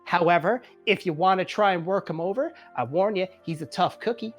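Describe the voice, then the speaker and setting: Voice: mid-range voice, a little fast, soft background music, close to an everyday voice. A game master voicing a chummy male wrestling promoter who talks in salesman patter. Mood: hustling. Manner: chummy salesman patter, calls people friend. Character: folksy male wrestling promoter, fast-talking boss.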